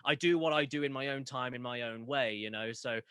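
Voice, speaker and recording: A young man with a Southern English accent, a video game YouTuber chatting as a podcast guest, rambling and animated, swearing casually. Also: medium pitch, brisk, clean tone, no room sound, studio quality. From England.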